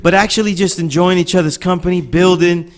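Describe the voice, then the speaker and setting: A man hosting a casual interview podcast, relaxed and rambling, often checking in with "you know what I mean". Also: high voice, brisk. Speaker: podcast host.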